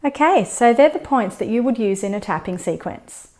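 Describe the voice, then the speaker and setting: Woman instructor, calm and steady, explains tapping points and scripts. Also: fairly high pitch. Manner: calm, steady guidance, slowing down for demonstration scripts. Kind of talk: instructional demonstration.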